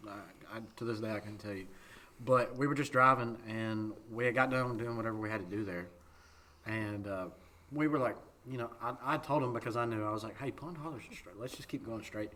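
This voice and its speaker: A man's voice: fairly low pitch, brisk, pushed and bright. A young man, telling a story about driving at night on a podcast. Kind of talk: casual storytelling.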